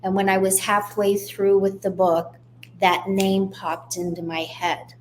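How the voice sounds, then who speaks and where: A woman tells her own story as a guest on a radio interview, speaking candidly and steadily. Her pitch sits in the middle of the range. A faint hum runs under the recording. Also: flat delivery, a little slow. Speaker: guest author.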